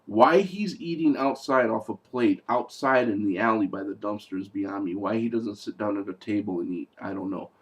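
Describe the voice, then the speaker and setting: A man's voice: fairly low pitch, moderate pace, few pauses. A man giving a casual spoken movie review, sarcastic and exasperated, rambling with fillers and restarts.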